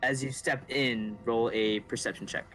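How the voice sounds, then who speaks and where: A man in a mid-range voice, narrating as game master of a tabletop game. His delivery is casual and halting, full of fillers and restarts. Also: mid-range voice, steady tone, a bit bright, faint music behind, poor audio.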